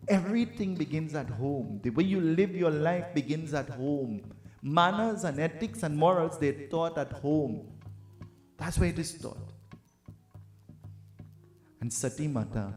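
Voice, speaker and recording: A man giving a storytelling sermon in an animated, teasing way, often asking his listeners "huh?". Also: a little high. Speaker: preacher. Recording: roomy hall with faint tabla music.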